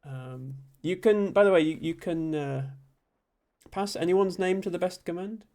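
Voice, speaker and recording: A young man streaming, reading chat messages aloud and thanking viewers, with frequent ums and soft laughs. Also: high voice, unhurried. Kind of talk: casual live-stream chat.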